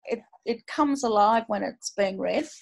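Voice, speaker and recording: An Australian woman author reading her own short story aloud in an unhurried, broad colloquial style. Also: medium pitch, lively intonation, gravelly.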